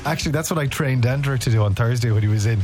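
A man's voice: medium pitch, rapid-fire, a little mellow, soft background music. A man hosting a radio show, chatting casually and teasing his co-host. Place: radio studio.

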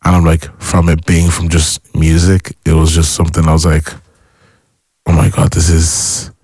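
A young man from Ireland, a music artist guest, chatting casually and acting out his own excited reactions as he tells stories. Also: rumbling low, moderate pace, slightly rough, no echo, studio quality. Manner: excitable storyteller who acts out past reactions. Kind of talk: casual interview chat.

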